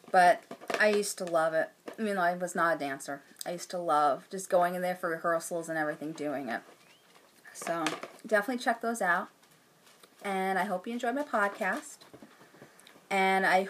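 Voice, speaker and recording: A woman in her thirties talks casually as host of a knitting podcast, gushing with enthusiasm. Her voice is bright and sits at an average pitch. Now and then she drops into a hushed aside. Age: 30s. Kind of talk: casual chat.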